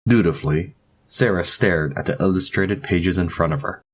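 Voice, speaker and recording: A man narrating a story game aloud in an easygoing way. His voice is low and husky. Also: moderate pace.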